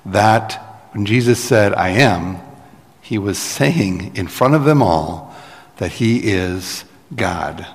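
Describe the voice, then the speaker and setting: A man's voice: fairly low pitch, animated, slow pace, long reverb tail. A man preaching a sermon in a conversational, explaining manner with asides to the congregation. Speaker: pastor.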